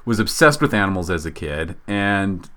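A man in his thirties co-hosting a casual comedic chat, telling stories with lively acted-out quotes. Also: low-pitched, moderate pace, noisy background. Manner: animated storytelling, acting out quoted voices. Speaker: podcast co-host.

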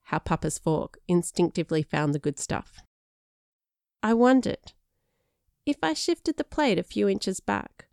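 A woman narrating a first-person story in a lively, expressive way. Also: on the low side, vocal fry, no echo, clean studio sound. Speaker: audiobook narrator.

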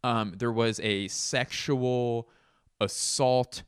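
A man's voice: mid-range voice, fairly even intonation, drawn-out words, clean tone, no room sound, studio quality. A man in his thirties hosting a podcast, telling stories in a rambling, profane, jokey way. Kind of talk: casual comedic monologue.

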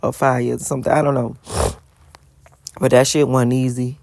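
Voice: mid-range voice, little pitch movement, moderate pace, vocal fry, a little mellow, no echo, clean studio sound. Blunt, profane vlogger telling a life story. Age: adult with school-age kids. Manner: blunt, profane, emphatic repetition. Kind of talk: casual storytelling monologue.

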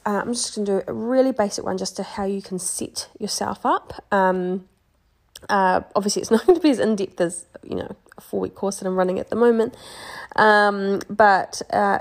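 A young woman gently teaching how to read oracle cards in a chatty, relaxed way with many fillers and restarts. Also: mid-range voice, creaky. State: pregnant, yawning. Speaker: card reading teacher. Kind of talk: casual instructional talk.

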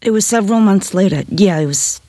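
An actress reading a woman witness's court testimony in a reenactment, recalling events in an earnest, halting way. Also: medium pitch, expressive, warm tone, no echo, lightly acted.

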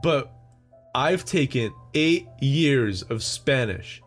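A young man with an American accent hosts a solo podcast, talking at an unhurried, drawn-out pace. He rambles and jokes with plenty of fillers and little laughs. Faint music sits underneath. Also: medium pitch, lively intonation. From United States. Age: young adult. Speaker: podcast host. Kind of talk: solo casual chat.

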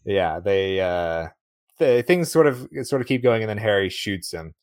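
A man's voice: lowish voice, lively intonation, unhurried, clean tone, no echo, clean studio sound. A man co-hosting a podcast, chatting casually about a movie, rambling and laughing often. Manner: rambling, laughs often, acts out lines in a raised voice. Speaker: podcast co-host.

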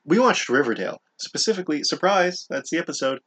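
A man's voice: on the high side, sing-song, fast, fairly bright tone, slightly rough. A young man co-hosting a comedy podcast, chatting casually with rambling, self-deprecating jokes. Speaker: podcast co-host.

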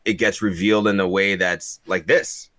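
A man's voice: deep voice, fairly even intonation, moderate pace, a bit bright, no room sound, studio quality. A man co-hosting a casual podcast chat, recapping the plot step by step. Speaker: podcast co-host.

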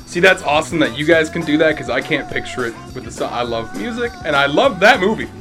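A man co-hosting a casual podcast, animated and profane, laughing and joking with friends. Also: a little high, fast, music in the background. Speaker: podcast co-host.

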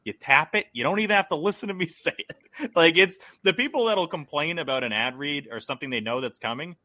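A man's voice: on the high side, expressive, fairly quick, pushed and bright. A man talking casually as a podcast guest, rambling with many likes and restarts.

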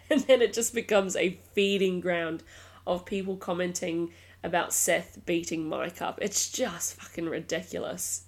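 A woman's voice: on the low side, fairly even intonation, a little slow. A woman hosting a true crime podcast, telling the story in a casual, blunt way, often swearing and laughing.

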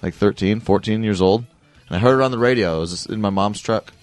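A man's voice: fairly low pitch, a little fast, no room sound, soft background music. A man co-hosting a radio show in casual chat, jokey and rambling. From United States.

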